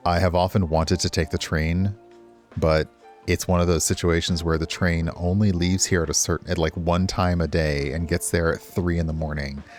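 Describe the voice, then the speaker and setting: A man's voice: sits low, a little mellow. A man streaming a cosy video game, chatting casually with his viewers and rambling on side topics. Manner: rambling, chatty, talks to chat. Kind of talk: casual gameplay commentary.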